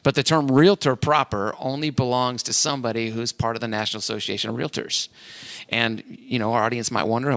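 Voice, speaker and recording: A man's voice: medium pitch, steady tone, a little fast, fairly bright tone, no room sound. A man from Cleveland, Ohio, hosting a casual podcast as a real estate agent, rambling and self-deprecating. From Cleveland, Ohio, USA.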